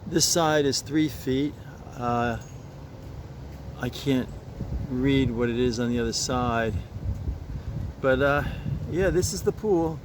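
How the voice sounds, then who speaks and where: Speaking slowly with frequent pauses, a medium-pitched man talks to the camera in a laid-back home vlog that later moves poolside. His rambling is stammering and full of repeats and restarts, earnest, homespun and fond of little comforts, with background noise throughout.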